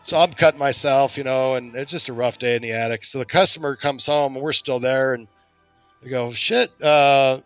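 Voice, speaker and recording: A man hosting a podcast, telling a self-deprecating story in a lively, casual way. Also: medium pitch, a little fast, dry recording, muffled recording, faint music behind. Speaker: podcast host.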